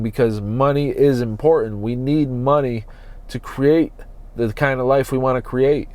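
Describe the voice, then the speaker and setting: A man hosting a solo podcast from inside his parked van, talking slowly and earnestly as he searches his soul. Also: medium pitch, a little mellow. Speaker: podcast host.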